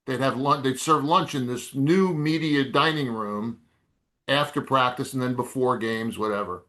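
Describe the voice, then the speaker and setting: An older man speaking as a guest, telling a lively anecdote with sudden rises in pitch, through a video call microphone. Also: moderate pace. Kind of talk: storytelling anecdote.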